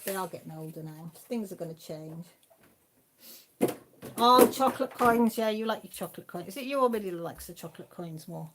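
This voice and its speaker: A woman with an English accent hosting a casual live chat from home, rambling and quick to laugh. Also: on the low side, lively intonation, heavy background noise. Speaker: craft channel host.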